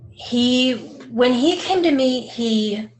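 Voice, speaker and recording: A woman psychic medium in casual conversation, animated and laughing often, dropping to a hush when quoting. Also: fairly high pitch, takes it slowly, slight background noise. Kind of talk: casual chat.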